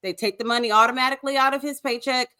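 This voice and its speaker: Guest woman, higher pitched, sharp bright tone, blunt and sarcastic. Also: fairly even intonation, racing, clear, resonant tone. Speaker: guest co-host. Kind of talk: casual chat recapping a show.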